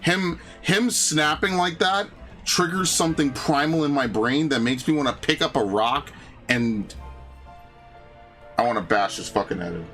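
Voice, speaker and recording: A man's voice: on the high side, animated, unhurried, bright, forceful tone, faint music behind. A man streaming a game, reading its dialogue aloud and ranting in crude, sarcastic jokes. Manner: crude, sarcastic, jokey rants. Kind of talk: casual gameplay commentary.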